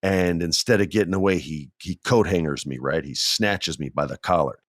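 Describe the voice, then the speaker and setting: A man hosting a podcast, telling stories in a casual, animated way, acting out the quotes and laughing often. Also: normal speed, dry recording, clean studio sound. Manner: animated, acts out quotes with big jumps in pitch, laughs often. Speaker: podcast host. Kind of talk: casual storytelling.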